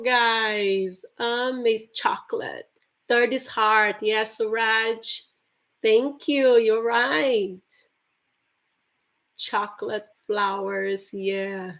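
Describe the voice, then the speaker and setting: A woman's voice: fairly high pitch, extremely slow, long pauses, fairly bright tone. A woman teaching a live online English lesson, cheerfully praising students by name.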